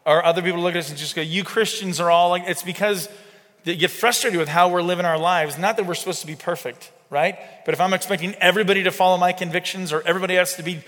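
A man's voice: sits high, steady tone, fast, a bit bright. A middle-aged man preaching in a conversational, emphatic way with frequent rhetorical asides. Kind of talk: sermon-style teaching. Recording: long hall reverb.

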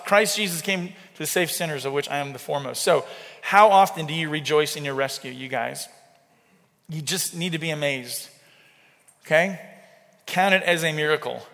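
A man's voice: fairly high pitch, a little fast, a bit bright. Male preacher, sermon, chatty, keeps asking the room, reverberant hall. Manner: conversational, checks in with the congregation. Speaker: pastor.

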